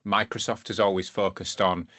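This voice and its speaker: Deep, bright-toned man thinking aloud. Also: little pitch movement, normal speed, no room sound. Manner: thinks aloud, weighing pros and cons. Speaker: podcast co-host. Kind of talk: casual tech discussion.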